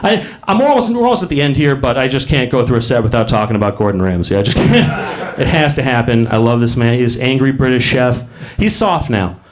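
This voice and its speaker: A man's voice: medium pitch, lively intonation, brisk, crowd noise. A man performing a rambling stand-up comedy set on a comedy club stage, laughing at his own jokes.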